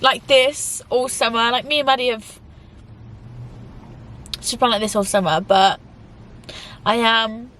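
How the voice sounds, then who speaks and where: A woman's voice: fairly high pitch, fairly even intonation, a little slow, pauses often, a bit bright. A young woman talking in a casual, emotional vlog, rambling with lots of fillers. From England. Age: young adult. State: tearful at times. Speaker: YouTuber.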